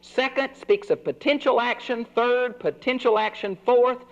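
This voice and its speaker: An older man giving an earnest Bible lesson, stressing his points. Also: a little slow. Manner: earnest teaching, swinging pitch for emphasis. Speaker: Bible teacher. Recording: dull lo-fi recording.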